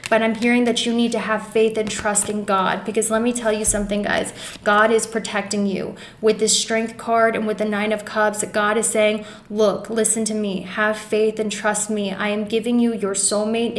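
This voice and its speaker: A woman's voice: medium pitch, background noise. Earnest tarot-reading woman in an echoey room. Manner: earnest, emotional, reassuring; many fillers and restarts, addresses viewers as guys. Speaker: tarot reader. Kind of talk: pick-a-card tarot reading.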